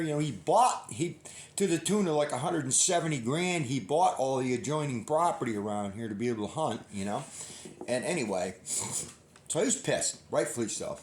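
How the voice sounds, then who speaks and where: A man's voice: medium pitch, lively intonation, normal speed, slight background noise. A middle-aged man hosting a hunting channel, telling a long story in a folksy, rambling way and often restarting his sentences. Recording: roomy echo.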